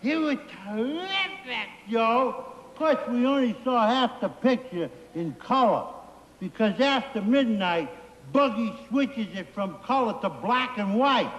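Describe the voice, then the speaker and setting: A man's voice: extremely high pitch, expressive, a little slow, a bit bright, highs cut off, full character voice. An actor playing a goofy, simple-minded man who tells silly jokes in a giggly, sing-song way, from a 1960s TV comedy sketch. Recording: old broadcast with reverb and hiss.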